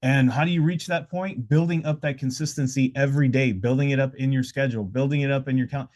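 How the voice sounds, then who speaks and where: A fast-talking podcast host with a darkish, mid-range voice and fairly even intonation runs a casual live show indoors amid noise. His motivational talk is loose and rambling, marked by many "uh"s and restarts.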